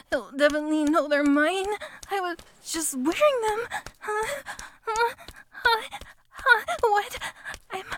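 Woman doing adult audio role-play, breathy pleading voice, really high, drawn-out slow talk. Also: a bit bright, slight background noise.

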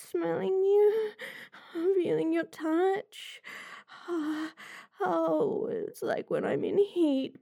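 A woman's voice: very high voice, vocal fry, warm tone, dry recording, studio quality, exaggerated voice. A young woman voicing a fawning, submissive puppy-girl in an adult audio role-play, giggling and whimpering breathlessly. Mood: needy.

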